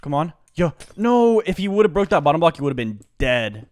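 A man giving live commentary on his own gameplay, excitable and slangy, jumping from low muttering to loud outbursts. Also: normal speed, slight background noise. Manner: slangy, says dude and bro a lot. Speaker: gaming commentator.

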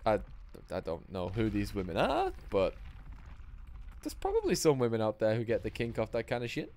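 A man's voice: on the low side, huge pitch swings, moderate pace, a little mellow. A man giving sweary, rambling, self-mocking commentary while streaming a game live. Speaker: gaming streamer.

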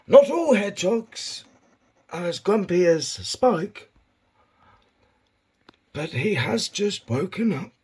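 A man mimicking a hushed wildlife documentary narrator. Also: on the high side, husky, exaggerated voice. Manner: measured, hushed wildlife commentary.

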